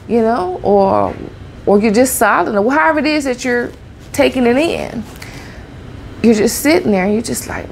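Heartfelt woman with a gravelly edge. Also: a little high, expressive, moderate pace, long pauses, a little hiss or hum. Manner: heartfelt, conversational, repeats phrases. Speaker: vlogger. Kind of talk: personal talk to camera.

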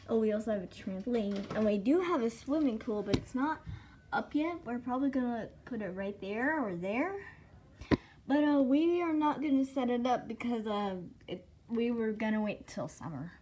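Chatty, excitable woman. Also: fairly high pitch, normal speed, background noise. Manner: chatty and excitable, talking to her dogs, giggling often. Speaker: vlogger giving a home tour. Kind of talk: casual home-tour vlog. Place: rural home, filming out the windows.

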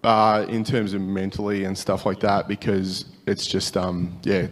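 An Australian man with a lowish voice answers in a halting, casual way, stopping often to search for words. His voice trails off in the long reverb of a large hall. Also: level tone. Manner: hesitant, many fillers. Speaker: audience member.

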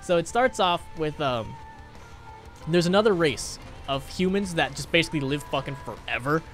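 A man's voice: fairly high pitch, animated, normal speed, fairly bright tone, soft background music. A young man chatting on a gaming livestream, rambling and swearing as he retells a sad film and reads out chat donations. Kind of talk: casual live-stream chat.

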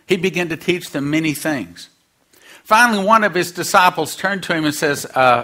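A man's voice: a little high, normal speed, sharp tone. A man preaching a sermon, acting out quoted voices and dropping humorous asides.

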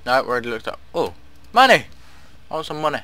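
A young man gives loose let's-play commentary, mocking and cursing at the characters as he goes. His voice is bright and forward, with a pitch that jumps around a lot. He sounds like a gamer chatting to himself at the mic. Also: big pitch swings, quick pace. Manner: sarcastic, swears a lot, talks back at the characters. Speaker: gamer playing through a story game.

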